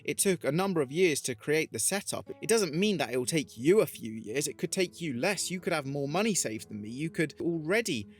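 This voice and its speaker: A man's voice: fairly high pitch, very animated, brisk, few pauses, faint music behind. A man vlogging in an earnest, motivational way, telling stories and giving advice. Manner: earnest, motivational, retells a parable. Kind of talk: reflective talking-head storytelling.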